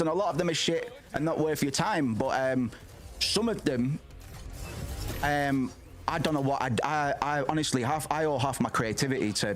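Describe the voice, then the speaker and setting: A man in his thirties chatting casually as a streamer, rambling, swearing freely and restarting his sentences. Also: a little high. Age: 30s. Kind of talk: casual chat.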